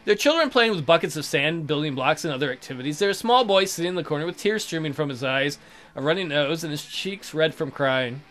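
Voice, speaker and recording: A young man casually commenting on a game and reading its text aloud, sardonic and crude, swinging between mumbled asides and loud outbursts. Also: fairly high pitch, fast talker. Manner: sardonic, swears freely, jumps between deadpan mutters and loud outbursts. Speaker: let's play commentator.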